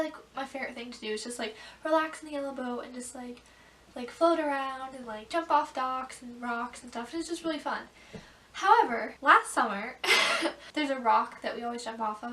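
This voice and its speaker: A woman's voice: on the high side, a bit bright. A teenage girl vlogging, telling embarrassing stories in a chatty way, full of "like" and bursts of laughter. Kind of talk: casual storytelling to camera. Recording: echoey room, mic at a distance.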